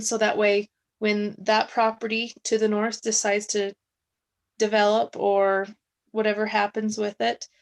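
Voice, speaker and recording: A woman's voice: medium pitch, gravelly, low-quality recording. A woman city staffer at home, presenting a subdivision plan to a council over a video call, chatty and apologetic with many fillers, losing her voice.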